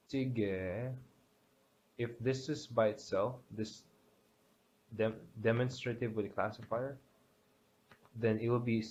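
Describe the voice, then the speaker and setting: A man teaching a grammar lesson, explaining step by step with many pauses and restarts. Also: fairly low pitch, a little mellow. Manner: hesitant, many fillers and restarts. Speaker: language teacher. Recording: dull lo-fi sound with faint background hiss.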